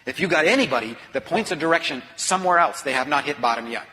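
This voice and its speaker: A man, an author and speaker, telling a personal story in an earnest, confessional way that moves from hushed to intense. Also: on the high side, animated, fast talker. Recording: long reverb of a large hall.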